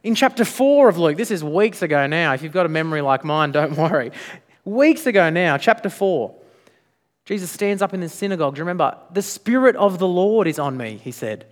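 A man preaching to his congregation in a church sanctuary, his voice sitting slightly high for a man. He presses his points hard and keeps tossing rhetorical questions back at the listeners. The sound carries a long reverb tail from the large room. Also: expressive, fairly quick. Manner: emphatic, with frequent rhetorical questions. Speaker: pastor. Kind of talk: sermon.

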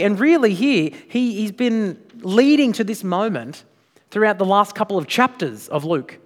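A man's voice: high voice, animated, normal speed. A man preaching a sermon as pastor, emphatic, with frequent rhetorical questions. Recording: long reverb of a large hall.

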